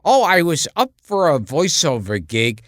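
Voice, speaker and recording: Male podcast co-host, slightly high and bright, slow deadpan delivery. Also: no echo, studio quality. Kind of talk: casual podcast chat.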